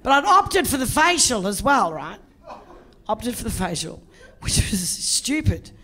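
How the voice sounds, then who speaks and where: Brief: middle-aged Australian woman comic, bold and profane, lively stage storytelling. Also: fairly high pitch, measured pace, noisy background. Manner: brash, profane, animated storytelling. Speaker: stand-up comedian. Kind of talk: stand-up comedy storytelling.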